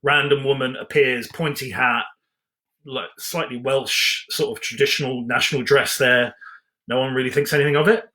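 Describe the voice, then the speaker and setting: Storyteller, male, bright tone; reads a fairy tale and riffs on the pictures with mock-earnest humor. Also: medium pitch, steady tone, moderate pace. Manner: playful, chatty, mock-earnest commentary. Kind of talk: storybook reading with comic asides.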